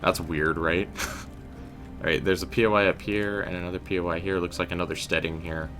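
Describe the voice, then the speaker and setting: A man's voice: sits low, little pitch movement, fairly quick, music in the background. A young man casually commenting while playing a game, chatting with viewers and joking. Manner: chatty, addresses chat as guys, slangy. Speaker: game streamer. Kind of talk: casual let's-play commentary.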